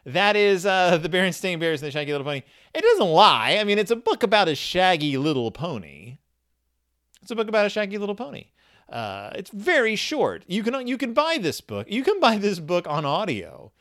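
A man's voice: high-pitched, very animated, moderate pace, hardly any pauses, a bit bright. A man casually reviewing a children's book on his own, rambling and wry.

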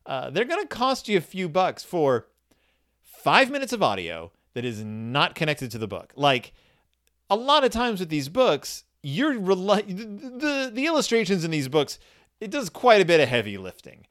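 A man's voice: sits high, huge pitch swings, normal speed, fairly bright tone. A man casually reviewing a children's book on his own, rambling and wry.

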